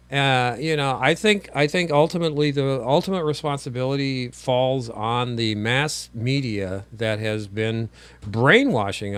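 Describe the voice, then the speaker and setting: A man's voice: mid-range voice, a bit bright, dry recording. A man co-hosting a casual political chat show, rambling and sarcastic with sudden exclamations. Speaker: co-host.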